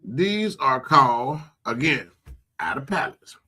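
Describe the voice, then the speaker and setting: A man hosting a casual live stream from a home computer setup, talking about side businesses in an animated, incredulous way with lots of restarts. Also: mid-range voice, takes it slowly. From Florida. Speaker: host.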